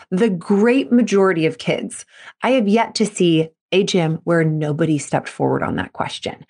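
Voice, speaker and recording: A woman's voice: medium pitch, darkish tone. Female podcast host and coach; solo monologue, emphatic, fired up, earnest.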